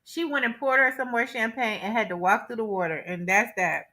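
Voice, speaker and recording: Bright high-voiced woman chatting animatedly. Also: fairly quick. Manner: animated, laughing, acts out quoted dialogue. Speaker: co-host. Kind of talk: casual recap chat.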